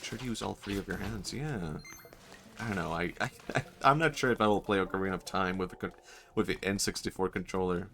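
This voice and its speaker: A streamer chatting casually while gaming, musing aloud, laughing often and mocking himself. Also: male voice, sits low, brisk, fairly bright tone. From Sweden. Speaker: livestreamer.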